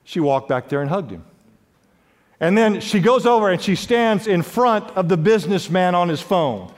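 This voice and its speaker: A man preaching a sermon as pastor, emphatic, with wide swings in pitch and loudness, in a large church. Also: lively intonation, normal speed. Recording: long hall reverb.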